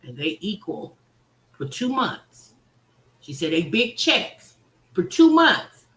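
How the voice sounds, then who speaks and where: Chatty woman reaction host, lively and bright-voiced, slow delivery, roomy sound. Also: medium pitch. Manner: chatty, addresses viewers as y'all, teasing. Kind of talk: casual livestream commentary.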